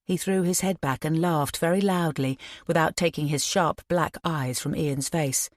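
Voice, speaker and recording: Audiobook narrator, female, low-pitched, dry and close, steady read. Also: normal speed, no room sound. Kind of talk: scripted narration.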